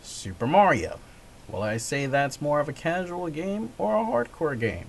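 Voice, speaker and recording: A gaming vlogger with a slightly high, sing-song voice delivers a casual monologue at normal speed, with a little hiss or hum on the recording. He rambles, corrects himself, and chuckles often.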